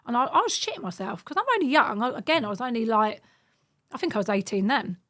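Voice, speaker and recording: Fast-talking woman telling wild stories. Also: a little high. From United Kingdom. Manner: animated, acts out quoted voices. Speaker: podcast guest. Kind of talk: casual storytelling.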